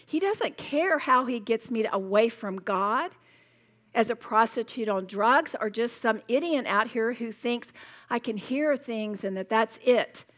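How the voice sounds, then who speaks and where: A woman's voice: fairly high pitch, unhurried. A woman leading a live Bible study for women, talking with passionate emphasis and acting out little scenes. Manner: passionate, emphatic, animated storytelling with role-played demos.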